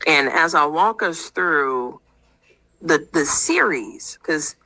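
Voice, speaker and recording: Brief: woman radio interviewer, lower voice with gravelly fry, forceful delivery, rhetorical questions. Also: expressive, slow pace, low-quality recording.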